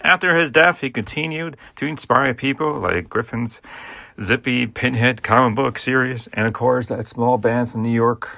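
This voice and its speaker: A man's voice: medium pitch, moderate pace, gravelly, no room sound. A man telling a humorous historical story, with playful asides and jokes about his own mistakes. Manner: jokey asides, playful and animated.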